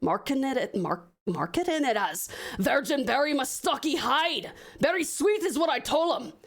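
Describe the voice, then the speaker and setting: Woman voicing a gruff ghost brewmaster, wry, higher-pitched, for a read-aloud story. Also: lively intonation, moderate pace, natural voice. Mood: grumbling. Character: grumbling male ghost brewmaster.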